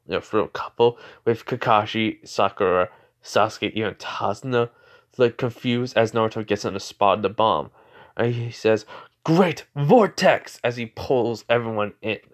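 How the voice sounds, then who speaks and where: A man casually making up a fan fiction story aloud, rambling with lots of "like" and "you know" and often correcting himself. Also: fairly low pitch.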